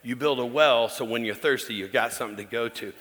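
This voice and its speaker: A man's voice: mid-range voice, quick pace, fairly bright tone. A middle-aged man, a pastor, preaching a candid, conversational sermon that speaks directly to the congregation. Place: church hall. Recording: long church-hall reverb.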